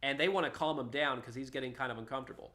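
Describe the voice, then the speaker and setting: Brief: male podcast host, casual and scoffing, bright tone, talks loose and lively. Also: mid-range voice, racing. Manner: animated, scoffing, casually profane.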